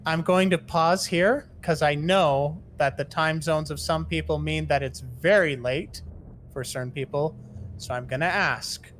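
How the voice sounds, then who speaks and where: A man's voice: a little high, fairly bright tone, slight background noise. A man hosting a group live reading, chatting casually and politely asking the readers what they want. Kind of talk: casual chat to listeners.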